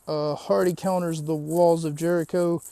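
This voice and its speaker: A man's voice: on the high side, little pitch movement, moderate pace, vocal fry, dark tone, smooth, dry recording. A man hosting a podcast, recapping a show in a rambling, chatty way with lots of asides. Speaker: podcast host. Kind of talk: casual recap of a wrestling show.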